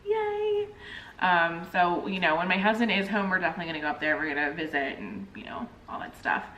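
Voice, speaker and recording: A woman in her thirties chatting casually to camera as a vlogger, telling a story in an animated way and acting out the people in it. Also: on the low side, quick pace, lo-fi sound, a little hiss or hum. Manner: animated storyteller, acts out quoted phone calls. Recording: roomy echo, mic at a distance.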